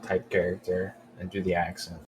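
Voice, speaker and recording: Very deep-voiced crude-joking male player. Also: completely flat delivery, normal speed, noisy background. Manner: crude, laughing, offhand. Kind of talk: casual chat during a tabletop game.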